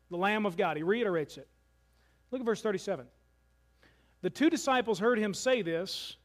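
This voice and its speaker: A man preaching a sermon as pastor, earnest, slowing and softening for emphasis. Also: sits high.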